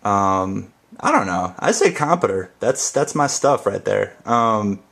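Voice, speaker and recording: A man's voice: lowish voice, very animated, slow, creaky, a bit bright. A young man from the northern United States, rambling casually and jokingly through a dialect tag and spelling words out. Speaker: YouTube creator.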